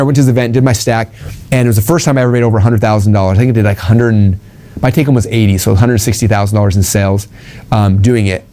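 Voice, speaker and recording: A middle-aged man telling a story to an audience and teaching sales presentations, rapid and full of fillers, acting out the dialogue he quotes. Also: medium pitch, dark tone.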